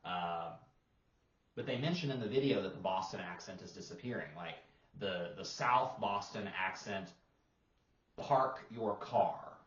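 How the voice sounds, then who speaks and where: A man co-hosting a casual roundtable talk as an English teacher, rambling and relaxed with lots of fillers. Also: deep voice, normal speed, reverberant, highs cut off. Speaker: English teacher and podcast co-host.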